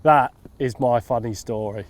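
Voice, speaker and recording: A man, a fishing consultant telling a funny anecdote in a lively storytelling way. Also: medium pitch, normal speed. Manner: lively storyteller, acts out what people said.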